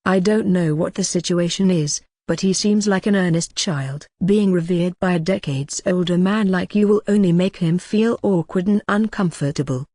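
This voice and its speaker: A woman's voice: on the low side, moderate pace, hardly any pauses, dark tone, no room sound, clean studio sound, natural voice. A woman voicing an old, hunchbacked guildmaster who is stern and shrewd, reading her lines in a plain storybook manner. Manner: stern, scolding.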